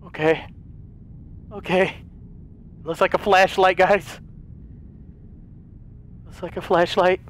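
A man narrating a horror game as he plays, jumpy and excitable, stammering and yelping when startled. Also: high voice, slow pace, long pauses, slight background noise. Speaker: gaming YouTuber. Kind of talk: horror game let's play commentary.

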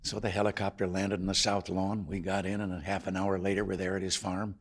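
An American president in his 70s tells a relaxed, folksy anecdote with chuckles to luncheon guests during an after-lunch speech in a formal indoor dining room. His voice is slightly low and husky, and his delivery is brisk.

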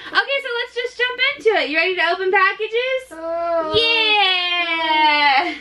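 Over music, a family vlogger at home speaks in a very high-pitched, expressive voice, slowly and with long pauses. Gushing and emotional, she fills her casual chat with "like" as she opens packages with her toddler.

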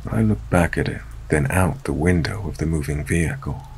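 A man narrating a first-person scary story in a steady, low-key storytelling manner. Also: moderate pace, creaky, a little hiss or hum.

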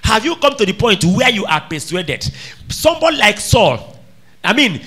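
Lively high-voiced preacher. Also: male voice, a little slow, breathy edge. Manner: emphatic, calls out questions to the congregation. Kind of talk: sermon.

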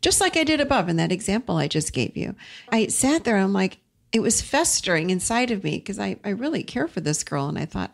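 A woman's voice: mid-range voice, very animated, fairly quick, vocal fry. A middle-aged woman hosting a self-help show, talking earnestly through a numbered list of points. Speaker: podcast host.

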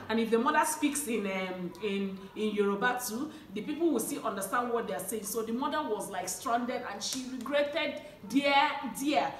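A woman's voice: medium pitch, a bit bright, echoey room, slight background noise. A young adult woman from Nigeria with an Igbo accent, talking earnestly to her viewers, pleading and often repeating herself with a questioning "eh?". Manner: passionate and pleading, repeats words, frequent "eh?". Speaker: vlogger. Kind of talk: earnest talk to camera.

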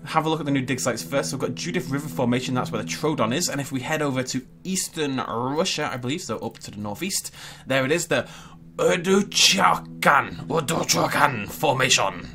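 A man giving chatty, excitable gameplay commentary and thinking aloud as he plays. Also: medium pitch, quick pace. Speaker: gaming YouTuber.

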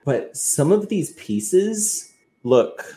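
A man's voice: high-pitched, big pitch swings, extremely slow, warm tone. A man co-hosting a podcast, casually retelling a story and acting out the quoted lines with plenty of swearing. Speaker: podcast co-host.

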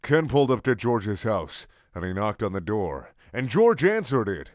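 Guy reading fanfic for laughs, low voice, slow, mock solemn, dry sound. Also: sing-song, dry recording. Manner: mock-solemn, incredulous asides. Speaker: fanfic reader. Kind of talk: comic dramatic reading.

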